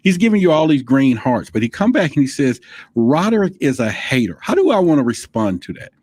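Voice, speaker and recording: A man hosting an interview, talking loudly and casually in street slang. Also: on the high side, big pitch swings, fast, no echo. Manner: loud, street-casual, laughing along. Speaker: interview host.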